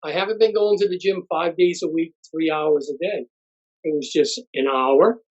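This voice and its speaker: A plain-spoken man in his sixties giving a halting thank-you speech as an honoree. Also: a little high, a little mellow. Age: 60s. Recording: muffled lo-fi recording.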